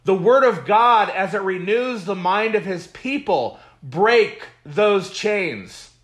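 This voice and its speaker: A male pastor leading a Bible study, speaking at a slow, deliberate pace. His voice sits a little high for a man. He preaches with emphatic repetition and stops to comment on the verses he reads. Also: lively intonation, fairly bright tone. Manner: reads scripture aloud with comments.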